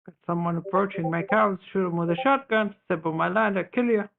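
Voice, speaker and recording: A man voicing a gruff, gun-toting rural Texan man, drawling threats over phone-like voice chat audio. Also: sits high, brisk. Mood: mock tough.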